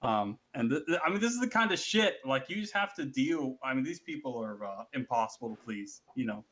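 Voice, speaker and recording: A man's voice: medium pitch, animated, fairly quick, a bit bright. A man in a casual group chat, telling a long rambling story full of swearing and restarts.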